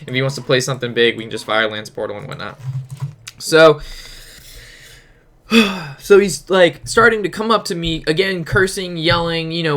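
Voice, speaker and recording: A man's voice: on the high side, normal speed, a bit bright. A young man casually telling a rambling, profane story while commenting on a card game. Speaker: gaming streamer.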